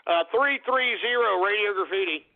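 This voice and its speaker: A man from Texas hosting a call-in radio show, loud and blustering, trading insults with callers. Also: sits high, normal speed. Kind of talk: brash call-in radio banter. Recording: phone-like lo-fi radio broadcast.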